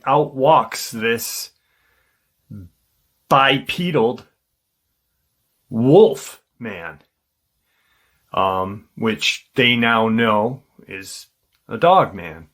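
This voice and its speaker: A man hosting a paranormal channel, casually retelling a witness's encounter in a halting way, with frequent ums and restarts. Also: mid-range voice, animated, a bit bright.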